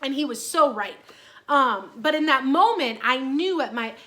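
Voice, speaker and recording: A woman's voice: high voice, expressive, normal speed, bright, forceful tone. A woman in her thirties talking in a casual personal vlog, chatty and earnest with many fillers. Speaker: vlogger.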